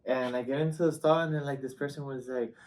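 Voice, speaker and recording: A man hosting a podcast, telling a story in casual chat with Spanish words mixed in and loud acted-out outbursts. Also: mid-range voice, fast talker, far from the mic. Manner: animated storyteller who slips in Spanish words; acts out quoted lines with loud outbursts. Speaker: podcast host.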